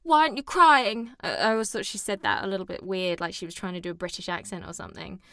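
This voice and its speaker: A woman's voice: lowish voice, racing, vocal fry, dry recording, clean studio sound. A young woman co-hosting a podcast, chatting casually and animatedly about a film, acting out scenes and swearing now and then. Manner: animated, swears, dramatic retellings. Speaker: podcast co-host.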